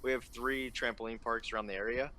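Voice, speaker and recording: A man in relaxed casual chat, asking questions and comparing prices. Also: mid-range voice, fairly quick. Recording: faint background noise.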